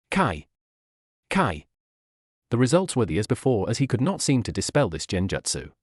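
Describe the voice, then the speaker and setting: A man narrating a fan fiction story in a steady storytelling manner. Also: mid-range voice, no echo, studio quality.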